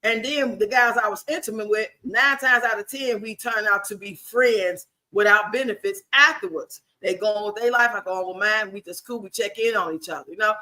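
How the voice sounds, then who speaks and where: A woman's voice: medium pitch, brisk, few pauses, sharp tone. A woman, telling sassy personal stories casually to viewers in a livestream chat. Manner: sassy, laughing, talks back to viewers. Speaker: livestream host. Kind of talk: casual storytelling to a live chat.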